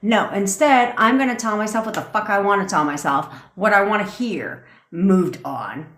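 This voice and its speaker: Woman, livestream coach, blunt and profane, fired-up rant, mid-pitched, roomy echo. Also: fairly quick, fairly bright tone. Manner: reads and answers viewer comments. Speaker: manifestation coach. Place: home desk. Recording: roomy, echoey room sound.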